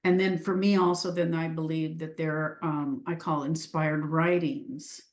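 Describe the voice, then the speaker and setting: Slow, earnest woman in an echoey room. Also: low voice, little pitch movement. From Washington state. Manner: earnest, searching, restarts often. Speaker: guest, leadership coach. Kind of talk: reflective interview talk.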